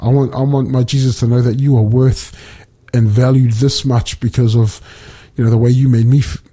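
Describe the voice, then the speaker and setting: A man talking through a casual devotional reflection in a mellow, husky voice. He speaks haltingly, often restarting his sentences and filling the gaps with fillers. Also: medium pitch, level tone. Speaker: Bible study speaker.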